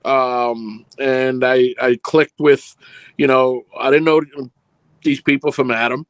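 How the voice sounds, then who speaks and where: Speaking slowly and flatly at a medium pitch, a middle-aged film producer recounts rambling anecdotes in a casual interview and acts out their dialogue. His tone is clean and the recording is dry.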